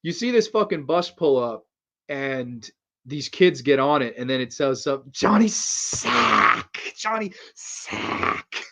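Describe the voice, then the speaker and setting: A young man hosting a casual horror film review, rambling and swearing freely, excited by what he talks about, sometimes answering live chat. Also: medium pitch, moderate pace. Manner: rambling, profane and enthusiastic, reacts to live comments.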